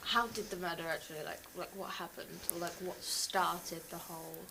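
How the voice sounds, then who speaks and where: A woman with a bright, sharp voice asks the questions on a casual true-crime chat. She probes in halting stops and starts, with a faint hiss behind her. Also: fairly low pitch, fairly even intonation, vocal fry, rough recording. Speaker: co-host who asks questions.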